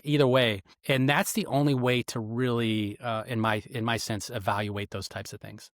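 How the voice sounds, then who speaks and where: Retired investigator type, middle-aged man, rapid teaching talk, dry mic. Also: mid-range voice, no echo. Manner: animated, instructive, acts out quoted lines. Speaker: guest, retired federal agent and interrogator. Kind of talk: explanatory interview talk.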